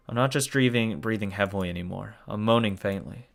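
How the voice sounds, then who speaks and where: A man's voice: lowish voice, brisk, creaky, few pauses, faint music behind. A man reading a visual novel aloud as a let's play host, breaking off into shocked cursing and groans. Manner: shocked cursing and groaning between read lines.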